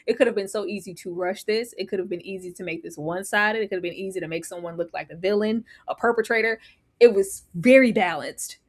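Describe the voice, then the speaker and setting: A woman co-hosting a casual live recap chat, expressive and emphatic, often laughing as she talks. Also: mid-range voice, fast. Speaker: co-host.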